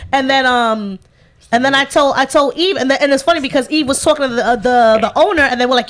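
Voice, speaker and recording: High-voiced woman radio host. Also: fast. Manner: animated storyteller, swears freely, laughs while talking. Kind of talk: casual profane chat radio.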